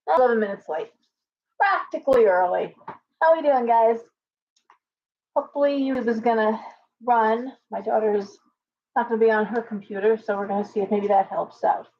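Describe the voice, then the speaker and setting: A middle-aged woman hosting a casual live stream, chatty and rambling, poking fun at herself. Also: on the high side. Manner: chatty, rambling, self-deprecating. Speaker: livestream host. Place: home shop with pets. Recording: dull lo-fi stream audio with faint noise.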